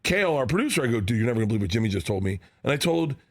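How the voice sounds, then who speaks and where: A man's voice: mid-range voice, racing. A man guest on a studio interview show, telling stories with lots of laughter and acting out other people's lines in voices. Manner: excitable, laughs a lot, acts out quotes in voices. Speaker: comedian guest. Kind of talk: animated storytelling in a studio interview. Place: sports talk show studio.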